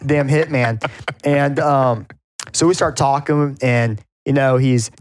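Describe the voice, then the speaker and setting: A man's voice: medium pitch, steady tone, slow, dry recording. Male podcast co-host, mid-range voice, loose storyteller, dry mic. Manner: rambling anecdotes with restarts. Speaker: podcast co-host, gym owner. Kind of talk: casual chat.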